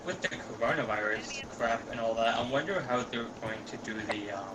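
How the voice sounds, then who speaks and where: A man's voice: medium pitch, normal speed, heavy background noise. A man chatting with teammates during a shooter game, laid-back and jokey. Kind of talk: casual gaming chat. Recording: game chat buried in loud gunfire.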